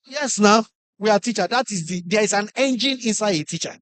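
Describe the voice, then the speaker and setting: Animated high-voiced Nigerian man speaking. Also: a little fast, no room sound. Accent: Nigerian English. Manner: animated storyteller, acts out classroom scenes, asks the audience questions. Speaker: conference speaker. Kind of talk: motivational talk to teachers.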